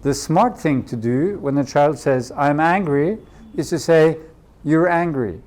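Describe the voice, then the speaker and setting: A Norwegian man leads a coaching workshop in a community workshop room, speaking English as a second language. He talks unhurriedly, a little slowly, in a higher, darkish voice, and repeats key phrases for emphasis.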